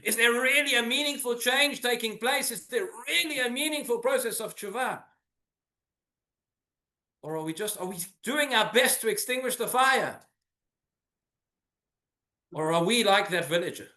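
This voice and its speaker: Male rabbi, earnest sermon with rhetorical questions; high, bright voice; roomy synagogue echo. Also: lively intonation, moderate pace, pauses often.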